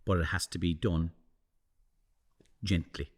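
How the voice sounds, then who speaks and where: A middle-aged communications coach talks animatedly in a casual interview, his deep voice moving slowly. He restarts and repeats words, and he acts out the voices of people he quotes.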